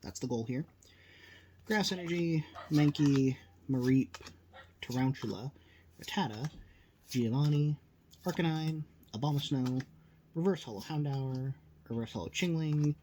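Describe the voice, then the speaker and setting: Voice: mid-range voice, unhurried, long pauses, warm tone, a little hiss or hum. A host giving casual, rambling commentary while opening card packs, a little tired and full of fillers. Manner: rambling, filler-heavy, self-deprecating.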